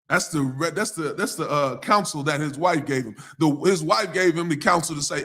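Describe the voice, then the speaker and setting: A man reading scripture aloud slowly, then retelling it in casual everyday talk as a teacher. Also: fairly high pitch, fairly bright tone. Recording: live stream talk.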